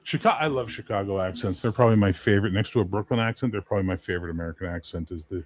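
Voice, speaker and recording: A Canadian man in his fifties, a game master chatting as a podcast guest, swearing freely and telling animated stories. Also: lowish voice, racing, no echo. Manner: profane, animated storyteller. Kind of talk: casual chat.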